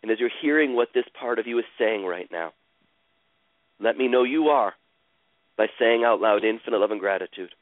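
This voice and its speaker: A man leads a guided healing session in an unhurried, soothing voice, repeating the same phrases over and over like a chant. His voice comes through thin and tinny, as if over a phone line. The sound is dry, with no room around it. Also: medium pitch, dry recording. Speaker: host guiding a caller through emotional healing.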